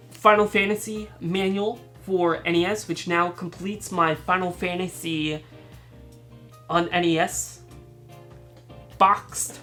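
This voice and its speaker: A woman's voice: fairly low pitch, measured pace, fairly bright tone, soft background music. A woman hosting a casual haul vlog, chatty and rambling, laughing often and restarting her words. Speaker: channel host showing thrift finds.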